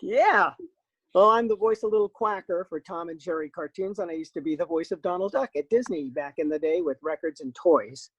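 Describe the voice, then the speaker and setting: An older man, a voice actor, telling stories in a lively, self-deprecating way as an interview guest. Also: a little high, brisk, husky, dry recording, muffled recording. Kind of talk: casual interview chat.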